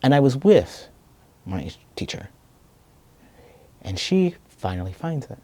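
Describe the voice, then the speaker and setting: A man telling a personal story in a reflective, soft-spoken and earnest way. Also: mid-range voice, sing-song, slow pace. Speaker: video essayist.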